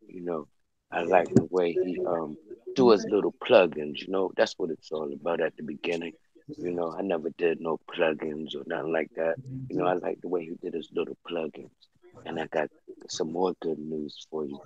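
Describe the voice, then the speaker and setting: Deep-voiced man on a dull lo-fi line. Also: moderate pace, breathy edge. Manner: loose, excitable, talks off the cuff. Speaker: livestream guest. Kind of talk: casual chat. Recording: dull lo-fi sound.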